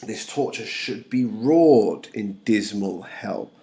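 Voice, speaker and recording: A male teacher reading the lines of Juliet, an impatient and desperate young girl, slowly and dramatically. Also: on the low side, animated, creaky, warm tone, heavily acted. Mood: anguished. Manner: dramatic, slow, emphatic reading of verse. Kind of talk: classroom reading of a play.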